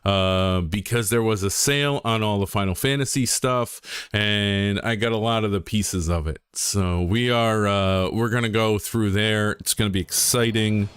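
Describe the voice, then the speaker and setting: A young man chats on a live game stream from his desk at home, his voice sitting a little low. He rambles from one joke to the next with deadpan asides. The sound is dry and close to the mic, with no room echo. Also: moderate pace, clean tone. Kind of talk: casual live-stream chat.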